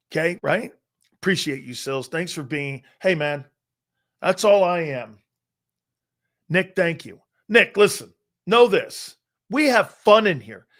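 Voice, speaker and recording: A middle-aged man from Connecticut hosting a live sports talk show, telling personal stories in an animated, emphatic way and swearing freely. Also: a little high.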